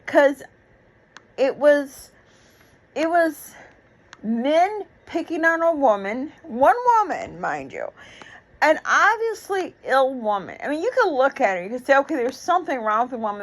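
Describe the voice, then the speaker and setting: A woman's voice: high-pitched, low-quality recording. A woman in her sixties giving an emotional, rambling reaction commentary, with many fillers and restarts. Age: 60s. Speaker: YouTube commentator.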